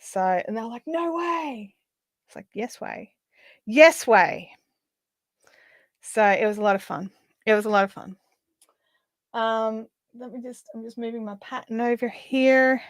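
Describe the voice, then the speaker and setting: A middle-aged Australian woman hosting a live craft stream, chatting casually and telling stories as she works, often trailing off into quiet asides. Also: a little high, little pitch movement, normal speed, no echo. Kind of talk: casual chat while crafting.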